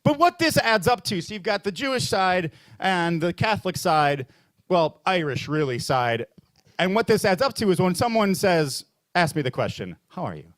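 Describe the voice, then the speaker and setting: Animated man doing stand-up comedy. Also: high-pitched, normal speed, no room sound. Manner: animated, self-mocking, acts out inner dialogues. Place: small bar stage at an open mic.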